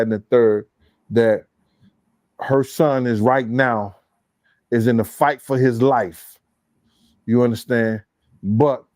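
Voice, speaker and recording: A man's voice: mid-range voice, a little mellow, no echo, studio quality. A man speaking bluntly and reminiscing in a played interview clip.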